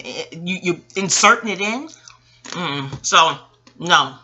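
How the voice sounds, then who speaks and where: Woman, 40s, astrologer, loose rambling monologue, very bright and sharp tone, salty and animated with quick laughs. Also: on the low side, lo-fi sound. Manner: animated, profane, laughing asides.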